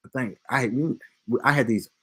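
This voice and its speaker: A man's voice: mid-range voice, brisk, breathy edge. A man, hosting a casual podcast chat and telling stories loosely, swearing freely. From Detroit, USA. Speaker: podcast host.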